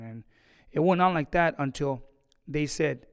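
A boxing trainer telling a story in an interview, animated and acting out the conversations he recalls. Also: medium pitch, normal speed, clear, resonant tone, long reverb tail.

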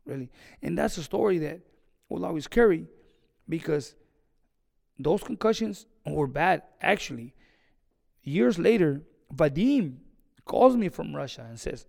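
A boxing trainer telling a story in an interview, animated and acting out the conversations he recalls. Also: fairly high pitch, measured pace, vocal fry, pauses often, big-room sound.

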